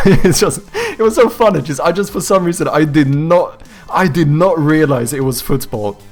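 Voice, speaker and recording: A man's voice: fairly high pitch, expressive, moderate pace, faint music behind. A young man streaming live from home, chatting casually with his viewers, reading their messages aloud and answering them, swearing freely and breaking into laughter often. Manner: reads out and answers viewer chat. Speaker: streamer and game developer.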